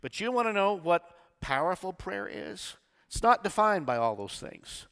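A male pastor preaches with call-and-response, his pitch rising and falling widely. His voice is bright and on the high side. A long church-hall reverb trails every line. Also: big pitch swings, moderate pace, creaky, clean tone. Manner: call-and-response preaching, swings from quiet to shouting. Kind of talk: sermon. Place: church sanctuary.

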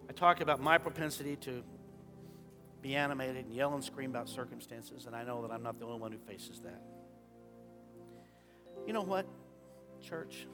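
A man preaching a sermon as pastor, shifting from quiet talk into sudden loud impassioned rises. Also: medium pitch, normal speed, long pauses, over music. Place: church sanctuary.

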